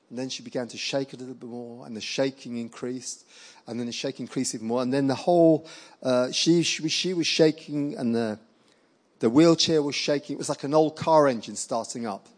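A middle-aged man preaching, telling healing stories with lively acted-out quotes. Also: medium pitch, brisk. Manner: animated storyteller acting out quoted voices. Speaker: evangelist preacher. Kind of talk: sermon storytelling.

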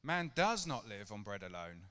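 Chatty middle-aged preacher in a reverberant hall. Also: male voice, on the low side, big pitch swings, moderate pace, bright, forceful tone. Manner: conversational and chatty, with rhetorical questions to the congregation. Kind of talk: casual sermon to a church congregation. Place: church hall. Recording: long reverb of a church hall.

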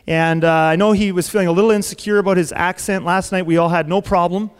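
A man's voice: high-pitched, steady tone, quick pace, smooth. A man pastor introducing a guest speaker in a chatty, joking way, with many fillers, in a large church. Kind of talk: sermon introduction. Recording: long hall reverb.

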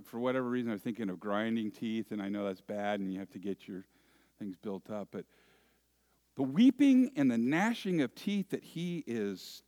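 A male pastor delivers a sermon at an unhurried, measured pace. His voice sits in an ordinary middle register, building to emphatic lifts on key lines and easing into softer explanatory asides. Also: mid-range voice. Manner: deliberate, with rising emphatic phrases and quiet asides.

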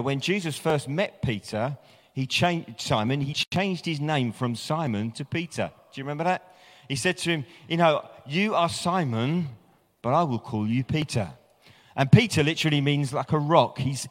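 A male preacher talking through a sermon in a relaxed, conversational way. He often chuckles at himself and restarts sentences, and his voice sits at an ordinary middle pitch. A long reverb hangs on every word, as in a large church hall.

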